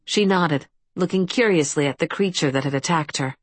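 A woman narrating an audiobook in a steady, even storytelling manner. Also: low-pitched, moderate pace, husky, dry recording. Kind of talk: scripted fantasy narration.

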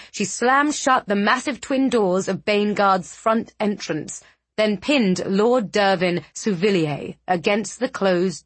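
A woman narrating a fantasy novel with measured, dramatic storytelling. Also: mid-range voice, husky, dry recording. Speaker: audiobook narrator.

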